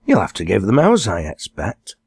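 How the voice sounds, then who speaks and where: A man's voice: on the low side, wildly swooping pitch, normal speed, darkish tone, husky, no room sound, studio quality, exaggerated voice. A man voicing a cheerful, reassuring young woman from a farm family, in an audiobook. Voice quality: upbeat, reassuring.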